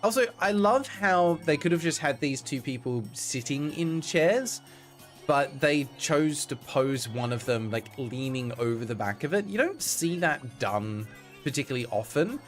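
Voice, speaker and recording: A man's voice: mid-range voice, animated, normal speed. Aussie guy streaming a game, chatty, voice bounces all over, faint music behind. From Australia. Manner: chatty, greets viewers by name, reads game lines aloud. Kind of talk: casual let's-play commentary.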